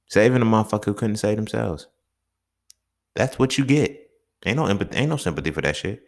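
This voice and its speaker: A man's voice: lowish voice, animated, brisk, vocal fry, pauses often. A man hosting a solo podcast, talking bluntly and profanely and often building into emphatic rants. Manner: keeps checking in with the listener. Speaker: podcast host. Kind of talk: unscripted solo podcast monologue.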